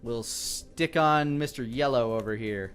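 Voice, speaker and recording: Bright-voiced man running a tabletop game. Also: medium pitch, unhurried, clean tone, soft background music. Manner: descriptive, dramatic narration mixed with casual rules talk. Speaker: game master. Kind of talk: narrating a tabletop game on a live stream.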